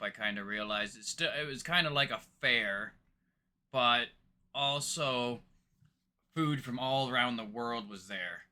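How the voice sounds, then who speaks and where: A man's voice: medium pitch, pushed and bright. A man from Ontario, Canada, hosting a reaction video, talking casually and rambling with lots of hesitations. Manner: rambling, hesitant, many fillers. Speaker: reaction channel host.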